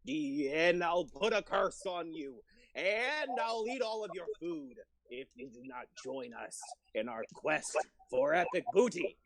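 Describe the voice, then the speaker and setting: A man's voice: on the high side, big pitch swings, a little slow, creaky, dry recording, exaggerated voice. A man putting on a pirate voice for a boastful, threatening male pirate captain in a tabletop game, making hammy, blustering threats. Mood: blustering menace.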